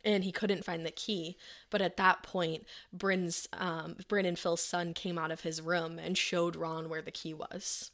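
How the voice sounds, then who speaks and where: Gravelly-voiced woman telling a crime story. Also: lowish voice, level tone, a little slow, a bit bright. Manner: chatty, quoting people in her own voice, many "like"s. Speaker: podcast co-host telling the case. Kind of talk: casual true crime storytelling.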